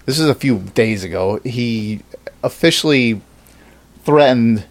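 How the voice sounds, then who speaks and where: A man's voice: medium pitch, lively intonation, measured pace. A man co-hosting a podcast in loose casual chat, swearing freely. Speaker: podcast co-host.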